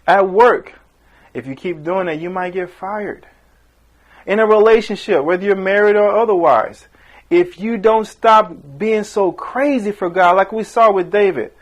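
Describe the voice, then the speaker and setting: A man preaches with fervor, his voice sitting fairly high for a man. He swings between loud emphatic bursts and quieter, pressing questions, and now and then briefly acts out the people he quotes. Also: measured pace. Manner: impassioned, rising and falling emphasis with acted-out quotes. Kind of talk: sermon.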